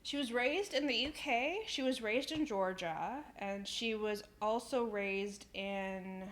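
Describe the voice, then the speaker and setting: A woman's voice: medium pitch, slow, a bit bright. A young woman chatting casually on a live stream, reading out chat messages, laughing often and swearing in passing.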